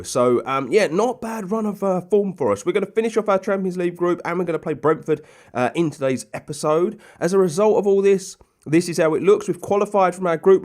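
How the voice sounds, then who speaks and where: A man's voice: a little high, darkish tone. Man, young adult, casual game commentary, rambling, lots of ums and asides. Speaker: gaming commentator. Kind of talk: casual Football Manager let's play commentary.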